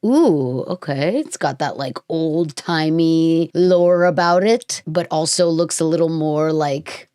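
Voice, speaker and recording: Low-voiced woman hosting a casual podcast. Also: slow pace, few pauses, mellow, clear, resonant tone, no echo, studio quality. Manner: rambling, playful, trails off into fillers. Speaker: podcast host.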